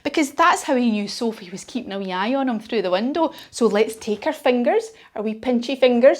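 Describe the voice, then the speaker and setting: A woman leading a children's yoga class while telling a story, playful and encouraging. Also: on the high side. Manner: encouraging, playful, sing-song. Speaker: kids yoga teacher.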